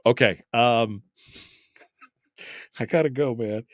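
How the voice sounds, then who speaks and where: Animated laughing male talk host. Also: lowish voice, slow, long pauses, no room sound, studio quality. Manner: animated, laughs often, exasperated asides. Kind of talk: casual radio talk.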